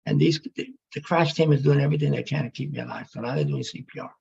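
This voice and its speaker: Male speaker, rough gravelly rasp, halting emotional testimony, muffled sound. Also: mid-range voice, darkish tone. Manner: halting, emotional, with pauses and restarts. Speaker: speaker telling his near-death story.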